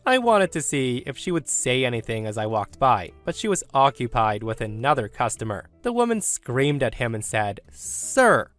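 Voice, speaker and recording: Expressive male story narrator. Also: medium pitch, normal speed, hardly any pauses, soft background music.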